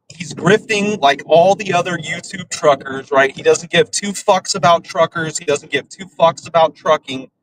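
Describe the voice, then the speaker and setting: Profane, scornful ranting man, slightly high. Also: a bit bright, a little hiss or hum, poor audio. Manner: profane, scornful, tags statements with "right?". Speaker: podcast host. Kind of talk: ranting commentary.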